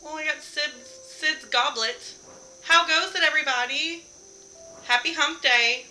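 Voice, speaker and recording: Young woman streamer, very bright slightly high voice, laughs and swears easily, light game music behind. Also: unhurried, poor audio. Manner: chatty, laughs often, swears casually. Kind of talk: casual live-stream chat while gaming.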